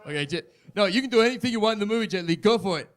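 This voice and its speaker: A man voicing an exasperated male screenwriter in a comedy sketch, talking fast and loud. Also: high voice, expressive, pitched above the performer's own voice. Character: exasperated male screenwriter running a writers' meeting.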